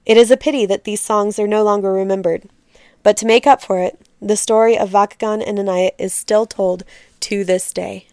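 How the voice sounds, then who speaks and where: A woman reads a folk tale aloud as a storyteller, with expressive, measured narration. Her voice is smooth and clear, set at a middle pitch for a woman. She is recorded on a close mic in a dry room. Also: dry recording.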